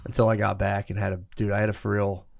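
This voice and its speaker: A man's voice: on the low side, monotone, fast, gravelly. A young man on a podcast, telling a rambling, profane story in casual chat, with frequent laughs. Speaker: podcast host.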